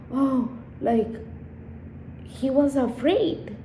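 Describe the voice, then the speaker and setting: A woman's voice: fairly low pitch, measured pace, darkish tone. Rambling, emotional woman vlogger. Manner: rambling, emotional, swears often. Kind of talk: casual storytime monologue. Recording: echoey room with faint background noise.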